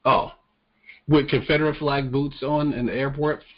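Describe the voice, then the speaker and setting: A man's voice: mid-range voice, level tone, moderate pace, a crowd in the background. Blunt, profane man on muffled audio. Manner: blunt, profane, stammers on restarts. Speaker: podcast co-host. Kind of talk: casual political chat.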